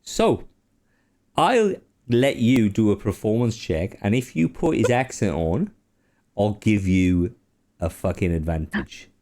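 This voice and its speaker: A man's voice: fairly low pitch, lively intonation, slow pace, a little mellow. Pushy, swearing male game master. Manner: pushy, teasing, swears freely. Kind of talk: running a tabletop game.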